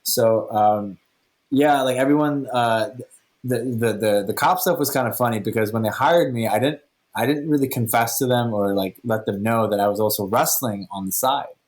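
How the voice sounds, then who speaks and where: A man who is a podcast guest, telling stories in a casual, animated way and acting out the dialogue. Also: mid-range voice, moderate pace. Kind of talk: casual storytelling.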